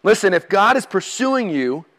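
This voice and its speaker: A man with a high voice delivers a sermon as a pastor. He speaks in a relaxed, plain-spoken way, with touches of humor. He often asks his listeners direct questions. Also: normal speed.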